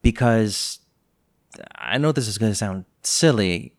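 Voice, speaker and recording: A man co-hosting a podcast, talking through a spy novel in a casual, jokey, animated way. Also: lowish voice, a little slow, gravelly. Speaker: podcast co-host. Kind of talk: casual book discussion.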